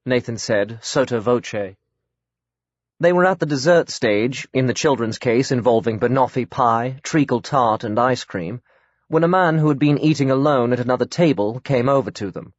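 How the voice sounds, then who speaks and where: A man narrating an audiobook in a measured, even way. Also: medium pitch, no echo. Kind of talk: scripted narration. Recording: dry, slightly dull audiobook recording.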